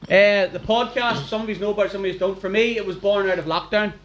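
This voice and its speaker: Man, podcast host, upbeat chatty prompting, slightly high voice. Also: fairly even intonation, fast, fairly bright tone, dull audio, a little hiss or hum. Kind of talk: hosting a live podcast recording. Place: packed function room.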